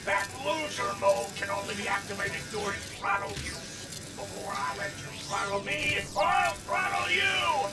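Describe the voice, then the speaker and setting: A threatening game robot, slow booming delivery, heavy music underneath. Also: male voice. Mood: menacing. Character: menacing robot with a killbot mode.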